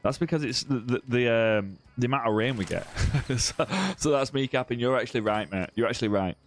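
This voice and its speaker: A man's voice: medium pitch, a little fast, a little hiss or hum. A southern English man hosting a live fishing-game stream, chatting casually with viewers, teasing them and tagging lines with "mate". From southern England. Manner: chatty and teasing, many "mate" and "bro" tags, restarts. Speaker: live-stream gamer host. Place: home room.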